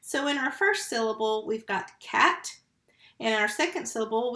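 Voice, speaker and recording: A woman who teaches first grade, giving a slow, patient remote phonics lesson and sounding out syllables and letters. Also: on the high side, lively intonation, sharp tone, reverberant.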